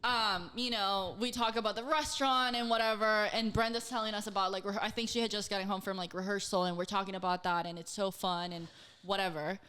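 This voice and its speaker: A woman co-hosting a laid-back talk show tells a story with lots of animation, saying "like" constantly, swearing freely and acting out quotes in her own voice. Her medium-pitched voice is brisk, clear and resonant.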